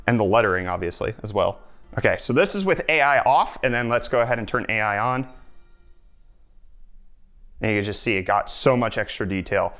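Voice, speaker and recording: A young man presenting a tech unboxing vlog in a well-lit room, enthusiastic and quick to exclaim. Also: fairly low pitch, expressive, a bit bright.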